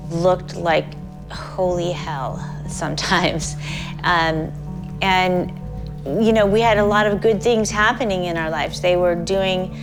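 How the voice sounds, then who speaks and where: A middle-aged mother speaking hesitantly in an interview, with many fillers. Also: fairly low pitch. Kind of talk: interview recollection. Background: music.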